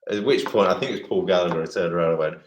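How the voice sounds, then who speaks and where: A man's voice: low voice, very fast, slight background noise. A middle-aged man, a former footballer, rambling through anecdotes in an interview with many restarts. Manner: rambling storyteller, many restarts and acted quotes. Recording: roomy echo.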